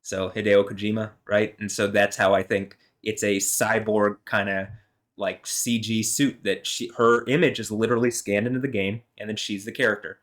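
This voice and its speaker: A man's voice: on the low side, little pitch movement, normal speed, fairly bright tone. A man vlogging alone, talking in a meandering, heated way with lots of fillers and some swearing. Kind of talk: rambling solo monologue.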